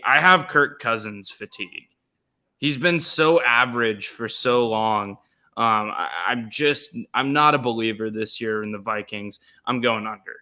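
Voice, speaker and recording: A man's voice: medium pitch, bright, forceful tone. A young man co-hosting a casual sports podcast, opinionated and emphatic, repeating words for stress. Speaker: podcast co-host.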